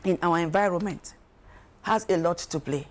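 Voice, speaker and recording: A woman, speaking as an expert guest on a talk show, emphatic and animated, acting out quoted voices. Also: on the low side, normal speed. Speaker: guest expert on emotional wellbeing. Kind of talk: studio talk show discussion.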